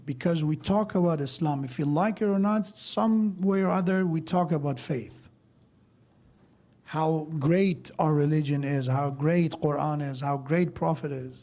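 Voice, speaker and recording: Mellow-voiced man giving a mosque sermon. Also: fairly high pitch. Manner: explains verses step by step, tells stories with quoted dialogue. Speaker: speaker at a mosque.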